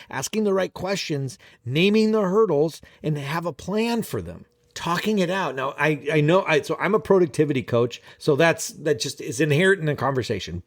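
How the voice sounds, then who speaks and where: A man vlogging as a productivity coach, talking casually and profanely straight to his viewers. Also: fairly high pitch. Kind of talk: casual vlog monologue.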